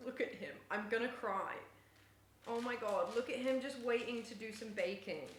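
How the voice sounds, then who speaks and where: A young woman live-streaming while she bakes at home, chatting casually and often cooing at her cat in a high sing-song voice. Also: normal speed, background noise. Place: home kitchen. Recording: echoey kitchen room sound.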